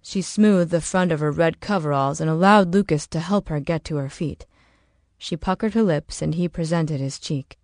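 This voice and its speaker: Casting: woman audiobook narrator, low voice, steady, dry close sound. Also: moderate pace, no room sound.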